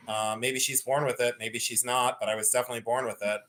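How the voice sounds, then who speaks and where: A middle-aged woman hosting a live sale stream in a playful, rambling way. Her voice is bright and forward, and she pokes fun at herself. She talks casually to her viewers. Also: extremely low pitch, steady tone, quick pace. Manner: chatty, self-mocking, playful. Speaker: livestream jewelry sale host. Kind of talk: casual livestream chat.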